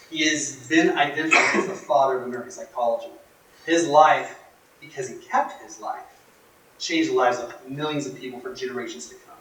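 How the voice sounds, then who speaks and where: A man's voice: mid-range voice, fairly even intonation, fast talker, recorded from a distance. Emphatic man speaking in echoey room. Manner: dramatic, emphatic, shifts from hushed to loud. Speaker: motivational workshop speaker. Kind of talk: storytelling speech to a live audience. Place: workshop room.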